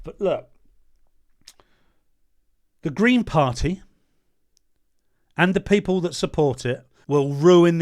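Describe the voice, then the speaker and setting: A man delivers a heated commentary in a high voice. He reads a point aloud, then tears into it with sarcasm and blunt insults. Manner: sarcastic, mocking, hurls insults. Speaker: political commentator. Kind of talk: ranting commentary.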